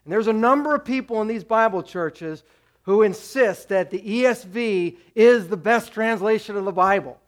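Male pastor preaching, pretty high voice, keeps hammering home "you gotta" type commands, direct and pushy. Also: normal speed. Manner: direct, exhorting, repeats urgent commands. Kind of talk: sermon.

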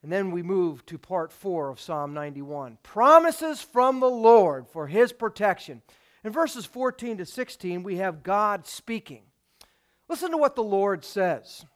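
High-voiced man preaching a sermon. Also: expressive, measured pace. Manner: emphatic, with rhetorical questions to the congregation. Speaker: pastor.

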